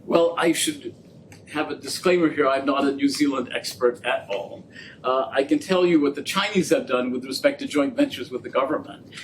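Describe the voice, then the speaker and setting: A man giving a talk and answering audience questions, animated and jokey, acting out quoted dialogue as he tells stories. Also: medium pitch, moderate pace, slight background noise, poor audio. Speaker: guest speaker on trade policy. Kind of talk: lecture and audience Q&A. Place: lecture venue.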